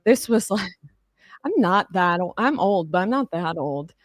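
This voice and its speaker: Her voice on the low side, expressive and unhurried, a young woman hosting a livestream rambles in casual chat, swearing and laughing often. There's no echo.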